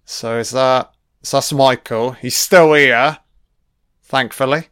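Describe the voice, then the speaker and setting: A British man giving a casual commentary on a film. He reacts out loud and swears often as he rambles. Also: mid-range voice, fairly even intonation, slow pace, clean tone, no room sound, clean studio sound. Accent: British English.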